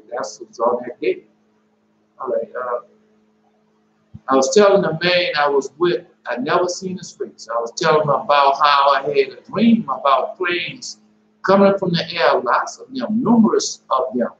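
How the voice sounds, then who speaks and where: A man recounting his dreams in a casual, rambling way, halting often and repeating and correcting himself as he goes. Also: a little high, fairly bright tone. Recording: roomy, dull lo-fi with faint hum.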